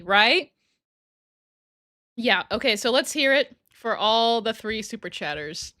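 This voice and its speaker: Woman streamer, bright tone, dry close sound, laughs a lot, casual chat. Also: fairly high pitch, animated, slow pace, long pauses, no echo. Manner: giggly, chatty, often trails off and restarts. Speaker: livestream host. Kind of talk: casual livestream chat reading super chats.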